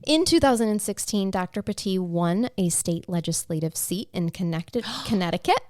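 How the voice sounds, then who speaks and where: A woman's voice: medium pitch, expressive, moderate pace, darkish tone, dry recording. A woman co-hosting a casual true-crime podcast, telling a case in a conversational way and getting emotional at times. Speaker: podcast co-host.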